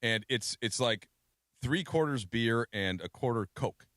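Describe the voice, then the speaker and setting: A man's voice: mid-range voice, expressive, unhurried, a bit bright, dry recording. A man talking sports on a radio show in a studio, conversational and often restarting his sentences. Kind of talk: casual sports radio discussion.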